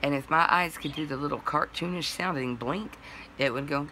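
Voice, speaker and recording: A hoarse woman vlogger telling a rambling story in a chatty way and laughing at herself. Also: low-pitched, normal speed, a crowd in the background. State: hoarse, voice going out. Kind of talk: casual storytime vlog.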